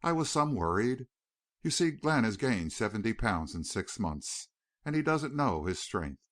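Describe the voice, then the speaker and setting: A man's voice: on the low side, sing-song, a little slow, a bit bright, no echo, studio quality. A man reading the lines of a folksy, teasing Western rancher in a drawl.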